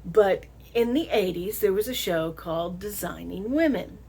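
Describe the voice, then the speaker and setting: Talking to the camera like a friend, a middle-aged vlogger with a Southern American accent rambles casually, breaking into laughter often. Her medium-pitched voice is creaky, warm and husky, and she leans on slow, drawn-out emphasis.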